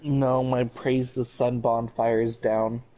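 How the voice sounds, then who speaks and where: A young man chatting casually while playing an online co-op game, offhand and distracted, talking fast in bursts. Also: mid-range voice, flat delivery, mellow, poor audio. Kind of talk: casual gaming chat.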